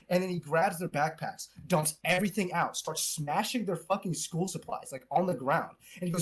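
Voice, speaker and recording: A young podcast co-host with a fairly high, husky voice and lively intonation talks fairly quickly in casual chat. He tells a rambling, profane story from his school days, laughing along as he goes.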